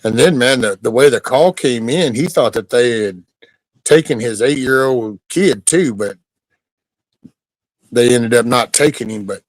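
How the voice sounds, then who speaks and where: A middle-aged man with a relaxed drawl chats casually to his livestream viewers at a medium pitch. He rambles easily from topic to topic and keeps cutting in to tell his dog to settle down. The sound is dry and close, with no room echo. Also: a little slow. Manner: laid-back, rambling, scolds his dog mid-sentence. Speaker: livestream host. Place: at home near a backyard chicken coop.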